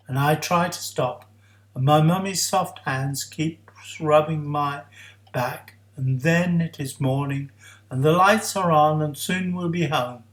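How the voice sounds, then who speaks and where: A man reading a first-person story aloud in a hushed, earnest way, recalling a child's memory. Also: fairly high pitch, measured pace. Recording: roomy echo.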